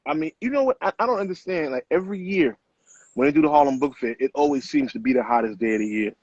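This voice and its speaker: Middle-aged man, author guest, rapid-fire slangy storytelling, husky voice, dull lo-fi sound. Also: a little high, no echo. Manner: animated, profane street slang. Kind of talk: casual interview storytelling. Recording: muffled lo-fi sound.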